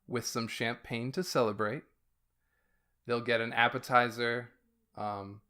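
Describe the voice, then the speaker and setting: A man in casual podcast chat, unhurried and jokey. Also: mid-range voice, a bit bright, clear, resonant tone. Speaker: podcast co-host.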